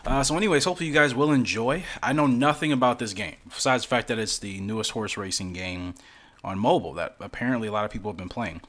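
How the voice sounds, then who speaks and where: A man's voice: mid-range voice, fast, fairly bright tone. A man casually commenting as he plays a mobile game for his channel, rambling along with self-deprecating asides. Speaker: gaming YouTuber.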